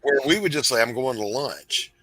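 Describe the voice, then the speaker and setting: A man's voice: mid-range voice, expressive, normal speed, slightly rough, no echo, poor audio. A man with a Southern American accent, casually telling stories on a group livestream and imitating how people talk. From American South, coastal. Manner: storytelling, mimics accents loudly.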